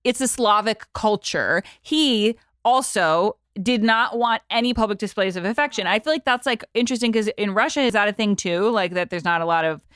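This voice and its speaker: A woman's voice: mid-range voice, normal speed, few pauses, fairly bright tone, clear, resonant tone, no echo, studio quality. A woman hosting a podcast, chatting casually with lots of filler words. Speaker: podcast host. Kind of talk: casual chat.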